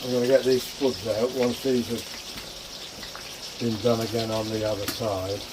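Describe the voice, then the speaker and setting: A man's voice: on the low side, flat delivery, normal speed. A man chatting casually to his viewers while cooking in his home kitchen, calling them folks. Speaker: cooking vlogger. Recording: frying and running water noise. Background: sizzling pan and tap water.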